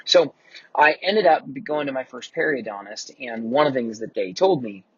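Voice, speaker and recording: A man's voice: medium pitch, moderate pace, slightly rough, no room sound, lo-fi sound. A man in his forties hosting a casual mentoring talk, telling a personal story in a candid, profane way. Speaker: host.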